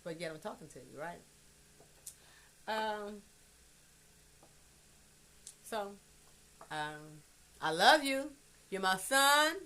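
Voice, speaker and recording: A woman's voice: mid-range voice, animated, extremely slow, long pauses. Blunt rambling woman livestreaming. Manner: rambling, blunt, swears freely, swings between soft and loud. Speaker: livestreamer addressing her adult son. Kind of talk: emotional livestream monologue. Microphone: phone livestream.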